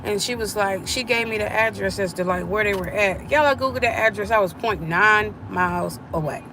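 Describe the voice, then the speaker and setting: A woman's voice: mid-range voice, brisk, noisy background. A middle-aged woman, chatting with viewers during a live stream and acting out the voices in her story. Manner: animated, acts out quoted voices.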